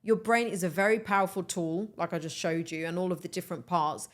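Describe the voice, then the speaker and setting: Young woman, podcast host, casual motivational chat, animated and eager. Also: lowish voice, a little fast, hardly any pauses. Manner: animated, enthusiastic, talks straight to listeners as "guys".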